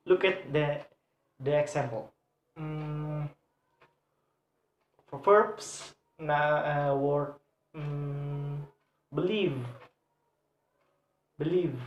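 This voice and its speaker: A young man with an Indonesian accent, a student whose first language is Indonesian, giving a halting English pronunciation lesson with many fillers and repeated example words. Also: on the high side, fairly even intonation, lo-fi sound. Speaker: student presenter. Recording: echoey room.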